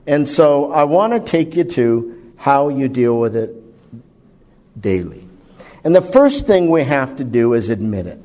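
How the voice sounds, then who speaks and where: A man preaching a conversational sermon, asking his listeners questions and swinging his pitch and volume widely for emphasis. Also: sing-song, measured pace, mellow. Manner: conversational, asks the audience questions.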